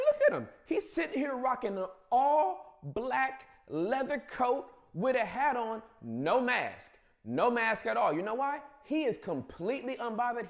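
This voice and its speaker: A man hosting a comedic news monologue, emphatic and playful. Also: high-pitched.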